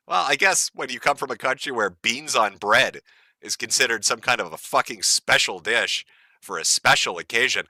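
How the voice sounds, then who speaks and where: A man's voice: mid-range voice, animated, moderate pace, sharp tone, dry recording, studio quality. A man from the United States hosting a live stream, ranting in a profane, mocking and gleeful way. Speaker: stream host.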